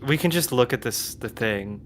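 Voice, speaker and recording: A man's voice: medium pitch, expressive, over music. A man chatting and joking casually while playing a co-op puzzle game with a friend. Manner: joking, chatty, quick laughs. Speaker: co-op game player. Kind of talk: casual gaming chat.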